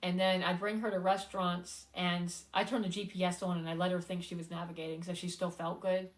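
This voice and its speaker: A woman talking casually on a live stream, heartfelt and close to tears, pausing often with fillers. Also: on the low side, little pitch movement, rough recording. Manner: heartfelt, halting, many fillers, fighting back tears. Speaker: singer-songwriter hosting a live stream.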